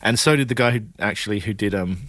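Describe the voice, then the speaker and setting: A man's voice: fairly low pitch, fast talker, a bit bright, no echo. Rambling, swearing male podcast host. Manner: rambling, profane, trails off into tangents. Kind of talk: casual chat.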